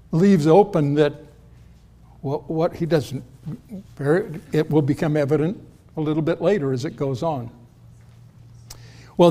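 A man's voice: a little high, darkish tone. A pastor preaching a sermon, teaching in a conversational way and speaking directly to his congregation.

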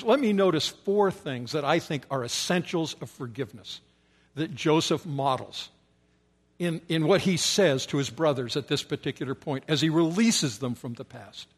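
Male preacher with a slightly high voice, emphatic and repetitive, sometimes sinking to a hush. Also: husky. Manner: emphatic repetition, often dropping to soft, low tones. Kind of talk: sermon.

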